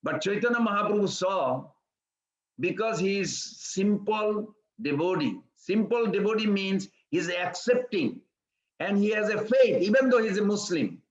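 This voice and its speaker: A high-voiced man preaches and tells a story in plain, broken English. His voice rings through an echoey room, and the sound is a little dull. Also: expressive, unhurried. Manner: simple broken English, acts out quoted voices in a higher pitch. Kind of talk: sermon storytelling.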